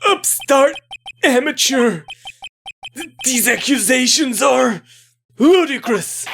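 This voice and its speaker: A woman's voice: high-pitched, animated, takes it slowly, vocal fry, a bit bright, slight background noise, heavily acted. A woman voicing an arrogant, haughty male prosecutor in a video game, sneering at the defense. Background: game music.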